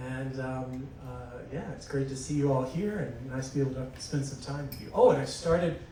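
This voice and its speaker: A friendly man with a Southern US accent introduces himself on a live panel. He is picked up from a distance in a very echoey venue. Clear room ambience runs beneath. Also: medium pitch, normal speed, dark tone. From Charlotte, North Carolina. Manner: friendly, self-deprecating. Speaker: casting director, panelist. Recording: echoey hall from far off, ambient noise.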